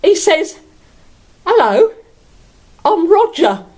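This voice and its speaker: A woman's voice: very high-pitched, sing-song, takes it slowly, a little mellow, exaggerated voice. A woman playing a giggly bag lady. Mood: bawdy. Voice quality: giggly, often laughing through her words. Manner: bawdy, gossipy, rambling with lots of fillers. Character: bawdy homeless London bag lady, cheeky and chatty. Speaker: comedy character monologue. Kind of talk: character stand-up storytelling.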